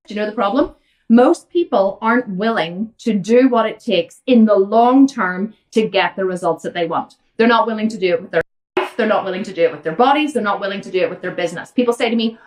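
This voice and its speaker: A woman's voice: fairly high pitch, moderate pace, distant mic. An Irish woman hosting a fitness Q&A, blunt and outspoken as she answers viewer questions. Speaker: fitness coach and host.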